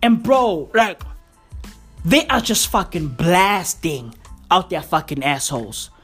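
A woman's voice: lowish voice, lively intonation, slow pace, fairly bright tone, husky, soft background music. A woman delivering a profane, exaggerated comic rant full of slang and swearing. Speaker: comedian.

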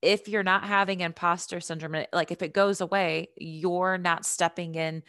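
A woman with a low, smooth voice hosts a relaxed interview and speaks earnestly about spiritual guidance and expression. Her voice is clear and resonant, and the recording is close and dry with no room sound. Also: moderate pace, no room sound. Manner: earnest, spiritual coaching talk. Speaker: podcast host. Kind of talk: casual conversational interview.

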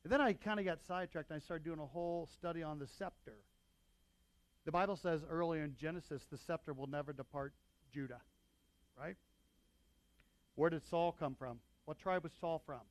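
Man pastor preaching, chatty and folksy, kinda high voice. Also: normal speed, long pauses, dry recording. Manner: conversational, folksy preaching with asides to the congregation. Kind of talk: sermon.

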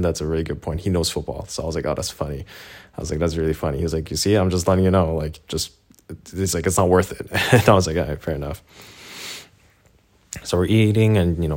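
A man's voice: deep voice, a little mellow. A man casually recounting a trip, retelling conversations in a chatty way and acting out the quoted lines. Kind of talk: casual storytelling.

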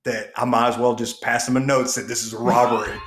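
A man's voice: medium pitch, very noisy. A man co-hosting a podcast, telling a long rambling story with lots of swearing and laughter. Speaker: podcast co-host. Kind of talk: casual storytelling chat. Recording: echoey room.

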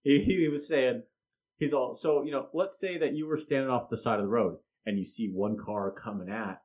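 A man's voice: medium pitch, fairly quick, darkish tone. A middle-aged man hosting a casual chat, opinionated and blunt, often restarting his sentences.

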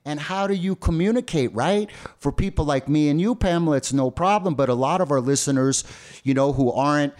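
A man's voice: fairly high pitch, a little fast, darkish tone. Man, podcast co-host, from the states, rambling casual chat, lots of ums. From United States. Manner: rambling, full of fillers and restarts.

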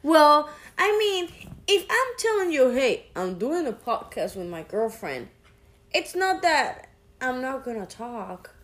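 Hispanic-accented woman, high lively voice, chatty and teasing, sore throat. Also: slow. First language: Spanish. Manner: talkative, teasing, animated. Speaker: podcast co-host. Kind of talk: casual chat.

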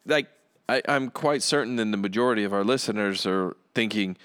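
A man's voice: medium pitch, lively intonation, brisk, a bit bright, smooth. A man hosting a podcast in casual chat, easygoing, asking follow-up questions and laughing along. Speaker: podcast host.

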